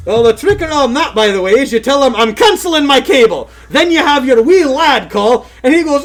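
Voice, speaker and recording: Very high-voiced joking man. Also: a little fast, hardly any pauses. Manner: joking, animated banter. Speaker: podcast co-host. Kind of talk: casual gaming news chat.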